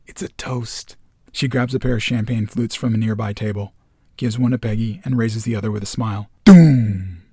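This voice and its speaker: A man reading a screenplay aloud as narrator, steady and matter-of-fact. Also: lowish voice, fast, slightly rough, dry recording, clean studio sound.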